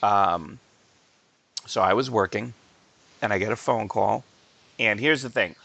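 A man's voice: fairly low pitch, measured pace, gravelly, dry recording. A man co-hosting a podcast, telling stories in casual chat and laughing often. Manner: animated storyteller, laughs often. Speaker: podcast co-host.

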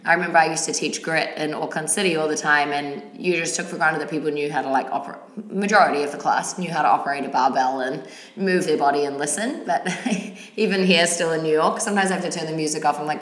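A woman's voice: deep voice, quick pace, echoey room. A woman in her thirties from New Zealand with a New Zealand accent, a fitness trainer chatting as a podcast guest in a bubbly way and laughing often. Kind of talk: casual podcast chat.

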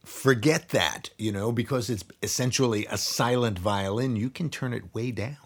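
A man hosts an interview, answering his guest with ready agreement and short affirmations. His voice sits at a middle pitch, typical for a man. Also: husky. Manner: warmly affirming, quick to agree and laugh along. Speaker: interview host. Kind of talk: casual interview talk.

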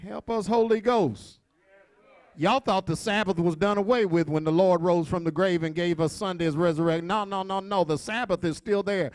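High-voiced preacher swinging loud to hushed. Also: male voice, steady tone, a little fast, few pauses, dry recording. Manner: call-and-response preaching, swings from shouting to hushed asides. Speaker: pastor. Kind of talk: sermon.

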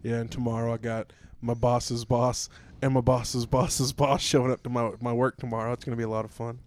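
A man's voice: mid-range voice, level tone, a little fast, a little mellow. Crude grumbling male co-host. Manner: crude, grumbling, laughing at his own jokes. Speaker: podcast co-host. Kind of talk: casual comedy podcast chat.

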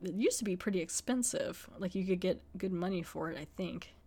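A young woman podcast host with a lowish, mellow voice speaks a little fast. She casually recaps a TV episode, rambling and chatting with lots of fillers and laughter.

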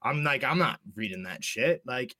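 Telling a story casually, a young man swears a lot and acts out dialogue for both sides of a conversation, animated and profane throughout. His voice is mid-range at normal speed, with no echo.

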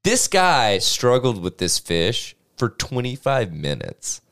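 Lively, resonant man bantering casually. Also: medium pitch, takes it slowly. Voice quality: lively, swearing, laughs often. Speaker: podcast co-host reading news stories.

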